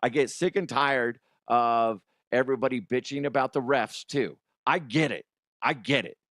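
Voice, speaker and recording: A man's voice: mid-range voice, normal speed, a bit bright, dry recording, studio quality. A man hosting a sports comedy show, ranting bluntly and cursing often. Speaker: sports comedy podcast host. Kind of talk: profane sports rant.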